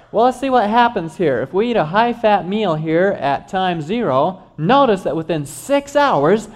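High-voiced man lecturing with joking asides. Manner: animated, joking asides to the audience. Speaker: doctor giving a health talk. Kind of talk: health lecture.

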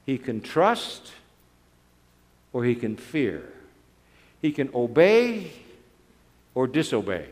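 A man preaching a sermon as a dramatic story, swinging between loud and soft. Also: mid-range voice, big pitch swings, takes it slowly, pauses often. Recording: long hall reverb.

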